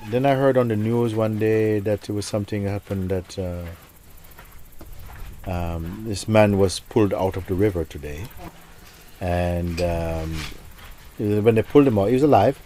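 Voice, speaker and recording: A man, a spiritual teacher, telling a story to listeners in a reflective, soft-spoken way that often sinks almost to a whisper. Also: low-pitched, a little hiss or hum.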